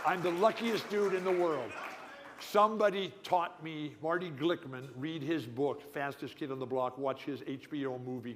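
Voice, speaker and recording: A man's voice: mid-range voice, in a large hall, background noise. An older man who says he is a lifelong stutterer, giving an emphatic, folksy, rambling speech as a guest speaker at an awards dinner. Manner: emphatic, folksy, jumps between tangents. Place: banquet hall at a club dinner.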